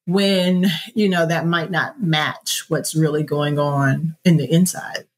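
A woman's voice: low voice, steady tone, takes it slowly. Laughing, story-telling woman guest. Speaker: podcast guest. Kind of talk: conversational interview.

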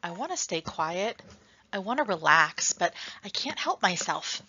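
Bright-voiced woman reading a novel aloud. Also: on the low side, normal speed, dry recording, highs cut off. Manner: expressive first-person storytelling. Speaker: reader.

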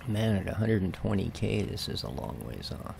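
A middle-aged Canadian man with a Canadian accent, chatting casually and joking at himself as he plays a farming game, now and then dropping to soft mutters. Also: deep voice, big pitch swings, moderate pace, vocal fry, a little hiss or hum. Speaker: gaming video host. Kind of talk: casual let's-play commentary.

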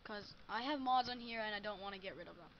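A woman's voice: medium pitch, fast talker, fairly bright tone, highs cut off, slight background noise. A woman recording live gameplay commentary at her computer, muttering frustrated complaints. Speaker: gamer recording a let's play.

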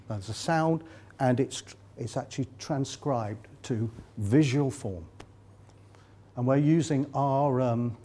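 In a conference hall, an older Englishman gives a live lecture with slides, keeping it chatty and full of jokes and fillers. He has an English accent and a mid-range voice with a dark, slightly rough tone.

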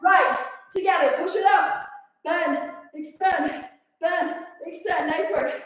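Woman, Minnesotan accent, fitness instructor, upbeat countdowns, very high voice, far from the mic, very echoey room. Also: steady tone, slow pace. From Minnesota, USA. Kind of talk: live workout coaching.

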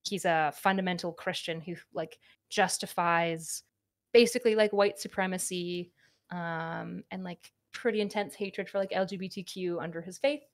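Guest, woman, late 20s, lowish voice, dry close mic, loose and candid. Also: steady tone, normal speed, no room sound. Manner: chatty, many fillers, candid. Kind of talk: casual podcast conversation.

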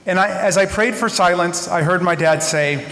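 Man, memorial tribute speech, earnest and wry, fairly high voice, echoing synagogue hall. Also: moderate pace, fairly bright tone. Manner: earnest storytelling with wry humor. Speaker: eulogist. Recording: echoey hall with long reverb.

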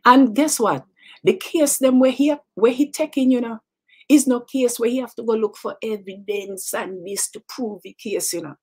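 A woman's voice: fairly high pitch, fairly even intonation, normal speed, mellow, breathy edge. A middle-aged woman with a Jamaican accent hosting a talk show, chatting and teasing in a casual monologue that mixes in patois and repeats words.

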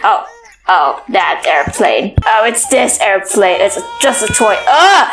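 A woman giving casual let's play commentary, excitable, squealing and scolding the baby in the game. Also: on the high side, a little slow, soft background music. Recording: roomy echo.

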